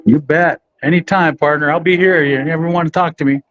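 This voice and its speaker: A middle-aged man answers podcast questions in a laid-back, halting way, restarting his phrases. His voice sits a little high. The audio is dry and slightly dull. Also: fairly even intonation, fairly bright tone, dry recording. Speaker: professional boxer, podcast guest. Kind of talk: casual interview answers.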